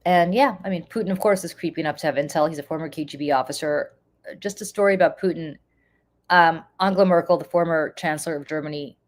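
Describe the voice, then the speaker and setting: A woman's voice: sits low, fast talker. A woman with a congested voice, giving casual live-stream political commentary and chatting with viewers, with frequent ums.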